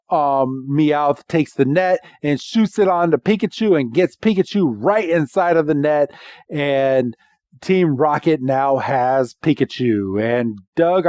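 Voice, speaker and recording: A man co-hosting a podcast and casually recapping a cartoon episode, with animated storytelling full of voiced quotes. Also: fairly high pitch, a little slow, no echo. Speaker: podcast co-host.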